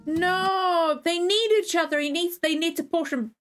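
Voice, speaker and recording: A woman hosting a reaction video, chatting casually, excitable, swearing freely and getting emotional. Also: very high-pitched, unhurried, soft background music.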